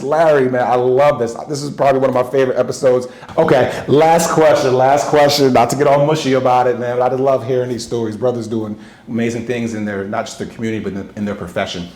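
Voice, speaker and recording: A man's voice: medium pitch, fairly even intonation, quick pace, few pauses, darkish tone. Effusive male podcast host in a roomy room. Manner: effusive, hypes the guest. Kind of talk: enthusiastic interview chat.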